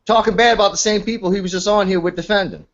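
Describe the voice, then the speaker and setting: A man's voice: high-pitched, steady tone, very fast, fairly bright tone. A man hosting a casual livestream, hurriedly digging through old comments to show others, over lo-fi audio.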